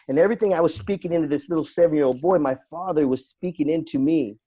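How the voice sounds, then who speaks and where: A man's voice: on the high side, quick pace, few pauses, dark tone. A man, a podcast guest and coach, telling a personal story in an earnest, reflective way and repeating phrases for emphasis.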